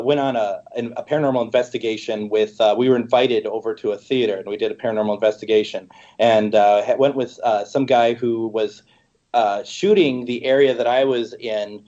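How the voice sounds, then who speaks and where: A man's voice: lowish voice, mellow. A man co-hosting a podcast, telling an anecdote in a casual, hesitant way. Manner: hesitant, lots of uh fillers. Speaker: co-host. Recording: dull lo-fi audio.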